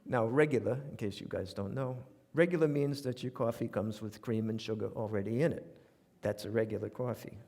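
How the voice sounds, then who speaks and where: A man's voice: lowish voice, a little fast, hardly any pauses. An older man with a New York accent telling humorous stories on stage in a wry, conversational way. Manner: wry, conversational, animated asides. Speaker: radio commentator performing essays on stage. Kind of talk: humorous storytelling monologue. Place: theater stage, live audience. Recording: live theater with long reverb.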